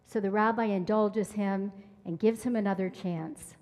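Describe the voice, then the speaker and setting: A woman leading a synagogue service, telling a story in a measured sermon style. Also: medium pitch, fairly even intonation, darkish tone. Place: large synagogue sanctuary. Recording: reverberant sanctuary from afar.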